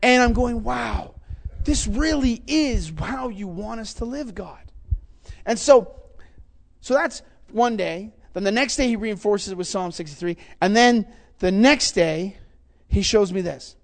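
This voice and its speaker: A man with a notably high voice preaches with mounting passion. He swings between quiet, reflective stretches and loud, urgent calls to his listeners. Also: measured pace, gravelly. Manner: passionate, rising to fervent exhortation. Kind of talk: sermon.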